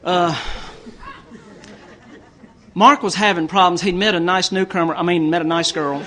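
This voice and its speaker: A man's voice: high-pitched, steady tone, normal speed, sharp tone, some chatter behind, a little hiss or hum. A man from Tennessee with a Southern US accent, giving a folksy recovery talk at a conference and telling jokes with frequent stammered restarts. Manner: folksy storytelling with joke punchlines. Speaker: AA speaker.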